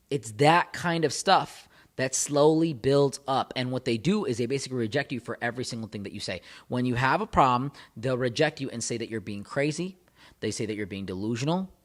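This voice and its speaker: Emphatic male relationship coach. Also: medium pitch. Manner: emphatic, repetitive, builds in intensity. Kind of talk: direct-to-camera advice talk.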